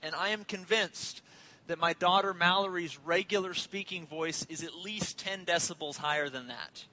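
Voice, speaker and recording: A pastor in his thirties preaches a conversational, joking sermon full of family stories. His voice sits high with a sharp tone and moderate pace, and the recording is rough.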